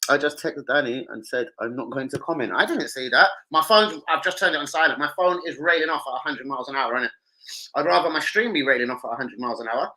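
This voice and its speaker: A young man, hosting a football live stream and chatting with his viewers in an animated, slangy and sweary way. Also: mid-range voice, quick pace, low-quality recording. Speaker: football livestream host. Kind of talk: casual live-stream chat.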